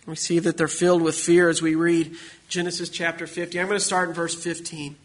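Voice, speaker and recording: A man's voice: on the high side, level tone, fairly quick. A man preaching a sermon as a pastor, building emphasis with repeated phrases.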